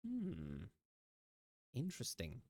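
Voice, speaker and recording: A male streamer chatting at a mid pitch, talking in a yappy, lively way and slipping into quick put-on voices as he tells stories. He sounds close to the mic with a dry sound and no room echo. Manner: chatty, animated storytelling with mimicked voices. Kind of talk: casual chat.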